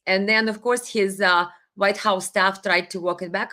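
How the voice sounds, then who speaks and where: A woman's voice: mid-range voice, steady tone, a little slow, few pauses, pushed and bright. A woman hosting a live stream, reading viewer comments and giving opinionated, sarcastic commentary with many fillers.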